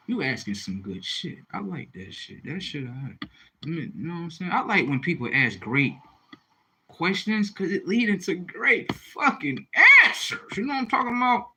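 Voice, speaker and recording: A man's voice: a little high, pushed and bright, slight background noise, rough recording. A man hosting a livestream, talking casually and profanely, rambling and reading out viewer comments. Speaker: livestream host.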